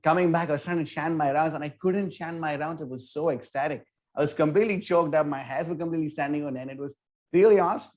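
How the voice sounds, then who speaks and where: A man who leads a temple's book distribution team tells a story in a casual interview, talking in an animated way, full of "like" and "you know". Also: a little high, fast talker. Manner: animated, filler-heavy, with many "like" and "you know".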